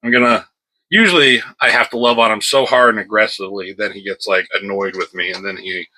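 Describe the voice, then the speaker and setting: A man's voice: lowish voice, fairly even intonation, brisk, sharp tone, low-quality recording. A man reviewing a comic book at home in an offhand, rambling chat, breaking off now and then to scold his cat.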